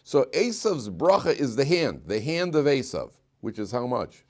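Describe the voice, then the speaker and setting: A middle-aged man, a rabbi teaching a Torah class, who stretches key phrases slowly and loudly, quizzes his students and drops low and quiet for wry asides. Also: sing-song.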